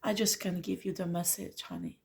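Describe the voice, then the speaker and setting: A woman's voice: medium pitch, fairly even intonation, unhurried, vocal fry, slight background noise. A woman giving an earnest, pleading tarot reading to the listener, calling them honey. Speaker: tarot reader. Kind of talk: spiritual tarot reading monologue.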